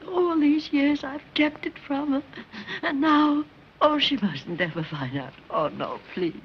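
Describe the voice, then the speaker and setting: A woman's voice: high voice, animated, a little slow, slight background noise. An actress playing an elderly woman street vendor who pleads anxiously in an old film. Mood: distraught. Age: older. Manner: pleading, tearful. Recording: dull muffled 1930s film soundtrack.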